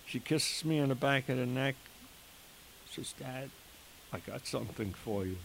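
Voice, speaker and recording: An older man slowly telling his own emotional story as a father, in an earnest way with quoted dialogue. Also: mid-range voice, vocal fry. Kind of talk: personal testimony storytelling. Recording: faint hiss behind the voice.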